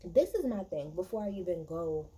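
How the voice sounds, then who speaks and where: A woman's voice: fairly low pitch, lively intonation, moderate pace, dark tone, poor audio. A woman giving a casual, blunt and profane recap of a reality TV episode, talking in a chatty way with many fillers and restarts. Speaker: reality TV reviewer.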